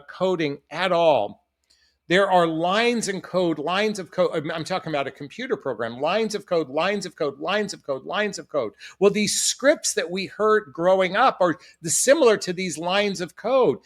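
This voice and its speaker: A middle-aged man with a notably high voice talks straight to camera as a dating coach. He is earnest and reflective and leans on repetition to drive points home. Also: fairly bright tone. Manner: earnest, reflective, repeats phrases for emphasis. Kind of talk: direct-to-camera advice talk.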